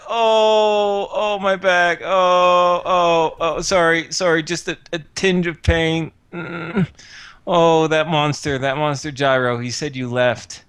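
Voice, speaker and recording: A man's voice: sits high, a bit bright, clear, resonant tone, pitched above the performer's own voice. A man doing a whiny, tinny bedridden man.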